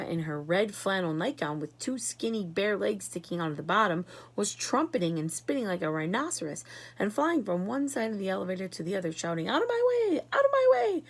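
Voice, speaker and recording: A woman reading a children's book aloud in an expressive storytelling voice. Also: mid-range voice, fairly quick. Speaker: reader.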